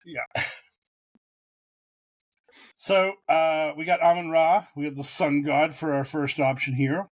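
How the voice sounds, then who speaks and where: A man's voice: fairly high pitch, takes it slowly, pauses often. A man co-hosting a casual sports podcast, rambling and profane as he tells stories. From United States. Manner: rambling, profane, animated storytelling. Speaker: podcast co-host.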